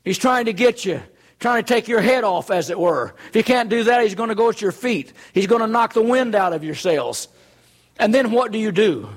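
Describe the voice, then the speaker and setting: High-voiced earnest male preacher. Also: animated, moderate pace. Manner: earnest, conversational preaching with rhetorical questions. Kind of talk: sermon.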